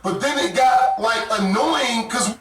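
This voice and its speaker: A man telling a story in casual, animated talk, often cursing and laughing as he goes. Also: very high voice, takes it slowly. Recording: echoey room, mic far off.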